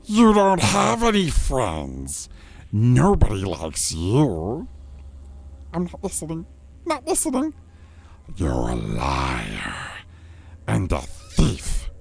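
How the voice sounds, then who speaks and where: A man doing an impression of a wretched male creature arguing with himself, gravelly and hissing, swinging between whiny pleading and snarling. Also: fairly low pitch, wildly swooping pitch, slow, pauses often, pitched above the performer's own voice, exaggerated voice. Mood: bickering, whiny. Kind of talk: impression for a game stream.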